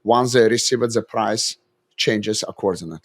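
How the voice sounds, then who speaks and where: A man answers interview questions in a lowish voice. He explains technical matters in a measured way, with slightly phrasing, and drops in brief affirmations while the host talks. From Azerbaijan. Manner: measured, technical explanations with short agreeing replies. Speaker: guest, dental lab chief executive.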